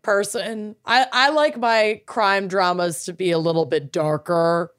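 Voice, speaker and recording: A woman's voice: medium pitch, fairly even intonation, measured pace, clean tone. A woman co-hosting a podcast, joking around and making puns in casual chat. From Minnesota. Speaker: podcast co-host.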